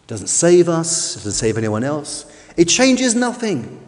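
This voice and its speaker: A man preaching a sermon emphatically, leaning on slow, drawn-out stresses. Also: on the high side, big pitch swings. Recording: long reverb of a large hall.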